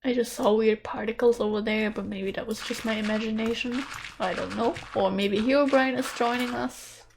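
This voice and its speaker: A woman's voice: fairly high pitch, steady tone, normal speed, creaky, background noise. A woman hosting a gaming channel, talking casually and thinking aloud as she plays, with some light self-mockery, recorded on a USB studio mic in her bedroom. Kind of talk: casual let's-play commentary. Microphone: USB studio microphone.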